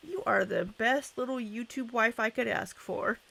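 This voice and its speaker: A woman's voice: fairly high pitch, moderate pace, creaky, fairly bright tone, slightly rough. A young woman hosting a casual livestream, chatting and greeting viewers by name. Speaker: livestream host.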